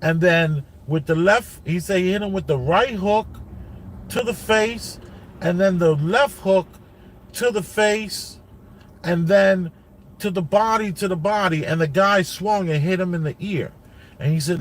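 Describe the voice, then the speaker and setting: A man's voice: high voice, a little slow. A father telling a family story in a casual, rambling way, full of like and you know, while sitting in a car. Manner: rambling, lots of like and you know, repeats himself. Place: inside a car.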